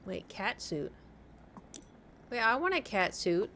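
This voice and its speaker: A woman's voice: medium pitch, sing-song, slow pace, sharp tone, slight background noise. A young woman with a slight lisp from braces, chatting casually on a live stream and telling rambling, self-mocking stories with frequent laughter.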